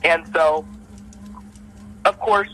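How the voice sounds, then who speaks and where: Young male amateur boxer, slightly high voice, casual animated storyteller who voices his own punches. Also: drawn-out words, a little hiss or hum, rough recording. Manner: animated, acts out punches with repeated "boom".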